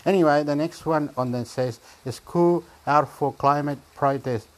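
Chatty rambling man reading web pages aloud. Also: on the high side. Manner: chatty, exclaiming and laughing, halting and repeating words. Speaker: vlogger reading websites aloud. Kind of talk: casual rambling commentary.

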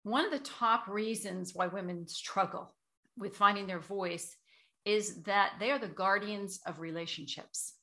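Woman, speaking coach, bright voice, measured explanatory delivery, interview guest. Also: medium pitch. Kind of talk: interview answers.

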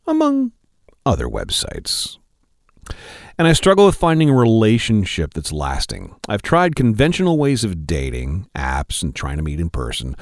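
Man putting on a deep, sultry letter reader, low and soft, dry close sound. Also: dry recording.

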